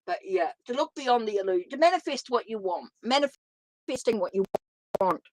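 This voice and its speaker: A woman's voice: fairly high pitch, lively intonation, moderate pace, no room sound. Chatty woman reading tarot live. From New Zealand. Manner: chatty and informal, talks straight to viewers. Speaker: tarot reader.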